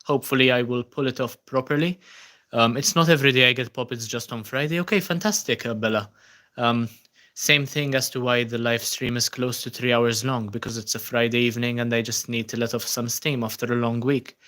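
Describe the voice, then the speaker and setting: A man's voice: mid-range voice, steady tone, fairly quick, bright, forceful tone. A man hosting a casual livestream, reading out viewers' comments and answering them with frequent ums. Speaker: livestream host.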